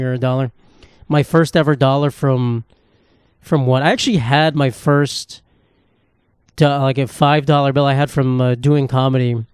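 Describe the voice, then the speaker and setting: A man's voice: medium pitch, a little mellow, smooth, no room sound, clean studio sound. A young man hosting a solo podcast, rambling and swearing in a self-mocking, casual way. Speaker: podcast host. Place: home room with knickknacks.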